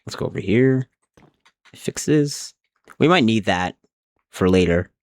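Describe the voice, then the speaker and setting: A young man with a fairly low voice, talking through a live game stream in a casual, rambling way. He thinks aloud as he builds. Keyboard typing can be heard in the background. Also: expressive, slow, no room sound. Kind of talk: casual live-stream chat while gaming.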